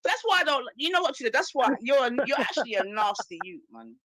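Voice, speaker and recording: A man's voice: extremely high pitch, sing-song, fast talker, bright, forceful tone. A man with a London accent hosting a live stream debate, confrontational and full of street slang.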